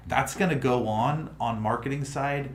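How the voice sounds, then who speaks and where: A man's voice: medium pitch, normal speed. Man, livestream host, casual rambling chat, many restarts, roomy sound. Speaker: crypto project host. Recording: roomy room with faint noise.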